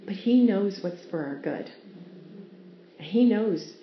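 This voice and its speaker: A woman's voice: mid-range voice, expressive, slow pace, long pauses, slight background noise. A woman giving a devotional Bible teaching, earnest and storytelling, sometimes laughing as she explains. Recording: roomy, dull lo-fi sound with faint ambience.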